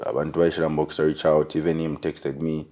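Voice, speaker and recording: Deep-voiced Zambian man, relaxed. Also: brisk. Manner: relaxed, loose phrasing with frequent "you know" and "like". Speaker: musician guest. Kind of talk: casual interview chat mixing English and Bemba.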